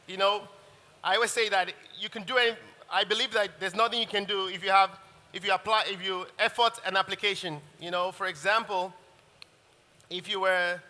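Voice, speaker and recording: During a live cooking demo, a male chef leading a masterclass keeps up a rambling, chatty patter, frequently starting sentences over. His high voice sounds pushed and bright, echoing through a large hall.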